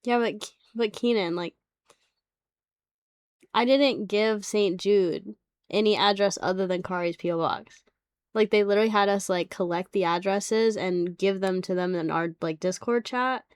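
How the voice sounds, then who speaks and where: A woman's voice: medium pitch, moderate pace, smooth, dry recording, studio quality. A young adult woman streaming live as she reveals graded trading cards, chatting casually, bluntly and with plenty of swearing and laughter. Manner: blunt and profane, laughing easily. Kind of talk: casual livestream chat.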